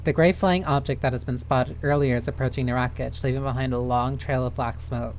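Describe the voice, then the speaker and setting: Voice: medium pitch, steady tone, fairly quick, a little mellow, a little hiss or hum. Chatty streamer reading a game aloud. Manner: chatty, reads game text aloud with many fillers. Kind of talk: live game stream commentary.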